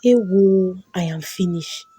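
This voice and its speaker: A woman's voice: on the low side, takes it slowly, mellow, slightly rough, dry recording, full character voice. A woman doing a scheming woman. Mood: wheedling. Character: scheming jealous young woman.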